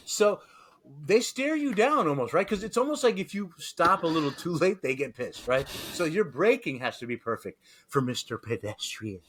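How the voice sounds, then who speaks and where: A man from New York co-hosting a podcast, telling stories in a loose, profane, animated way. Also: fairly high pitch, normal speed. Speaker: podcast co-host. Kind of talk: casual podcast chat.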